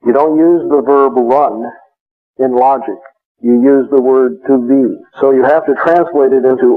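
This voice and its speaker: Male lecturer, mid pitch, patient and explanatory, thin phone-like audio. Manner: measured, explanatory, frequent uh fillers. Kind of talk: classroom lecture on logic. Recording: tinny phone-like recording.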